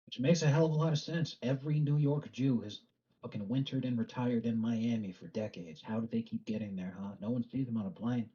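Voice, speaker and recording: Male co-player on a stream, mid-range voice, energetic and foul-mouthed storytelling, a bit muffled. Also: mid-range voice, brisk. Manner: profane, animated storyteller. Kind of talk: casual gaming chat. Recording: slightly muffled lo-fi mic.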